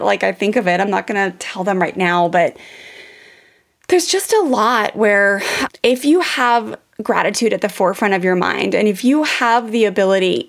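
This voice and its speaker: Woman in her 30s telling her own story to listeners, kinda gravelly voice, chatty, lots of "like" and restarts. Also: on the high side. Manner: candid, animated, many fillers and restarts. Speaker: podcast host.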